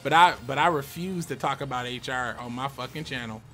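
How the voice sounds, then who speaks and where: A man's voice: mid-range voice, fairly quick, sharp tone, faint music behind. A man streaming a card game, talking loosely and profanely while laughing often. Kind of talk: casual live-stream chat.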